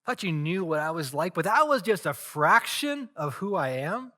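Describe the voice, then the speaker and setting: A man doing a calm divine voice. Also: a little high, normal speed. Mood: reassuring. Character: calm, reassuring divine male voice.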